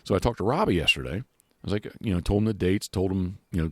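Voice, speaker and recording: Male podcast host, deep and dry-miked, loose rambling chat full of restarts. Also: expressive, very fast, darkish tone, no echo. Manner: rambling, many restarts and fillers. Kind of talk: casual chat. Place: outdoors.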